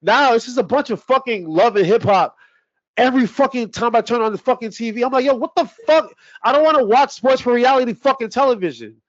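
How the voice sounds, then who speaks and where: A man's voice: very high-pitched, fast, no room sound, lo-fi sound. A man co-hosting a sports podcast, ranting heatedly with heavy swearing in casual talk. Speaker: podcast co-host.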